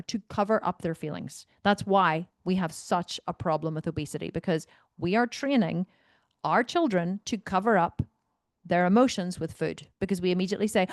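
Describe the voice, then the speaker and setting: A woman's voice: fairly low pitch, darkish tone, no echo, studio quality. A woman coach, talking bluntly and animatedly to members, swearing now and then and wandering off on tangents. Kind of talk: Q&A talk to members.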